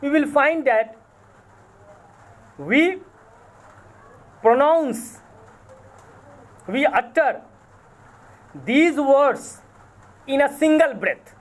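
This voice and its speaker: Indian English college lecturer, high voice, very slow and deliberate, spells out and repeats words, self-correcting. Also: male voice, expressive. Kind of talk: recorded lecture.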